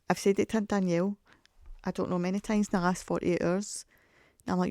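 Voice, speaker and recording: A woman's voice: on the low side, brisk, pauses often, mellow, no room sound, clean studio sound. A middle-aged woman chatting on her podcast, telling stories and laughing often. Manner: chatty storyteller, laughs often, acts out quoted voices. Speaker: podcast host. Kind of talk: casual solo podcast chat.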